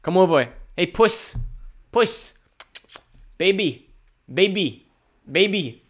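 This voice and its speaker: A man's voice: high-pitched, lively intonation, takes it slowly, voice pushed up, exaggerated voice. A man doing a brash New York cat-caller. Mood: coaxing.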